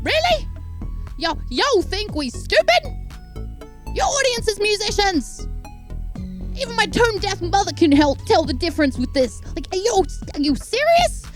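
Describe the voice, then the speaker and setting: A woman's voice: very high voice, big pitch swings, measured pace, voice pushed up, full character voice. A woman mocking indignant guitar fans with an overdramatic, wounded tone. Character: melodramatic offended guitar fans.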